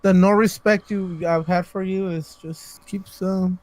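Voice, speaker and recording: A man's voice: high voice, fairly even intonation, measured pace. A man co-hosting a podcast, ranting sarcastically with heavy swearing in casual banter. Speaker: podcast co-host.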